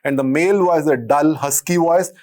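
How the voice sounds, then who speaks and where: A male medical lecturer with an Indian accent and a husky, deep voice, dictating notes and repeating phrases as he teaches. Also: fast talker, darkish tone. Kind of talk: classroom lecture.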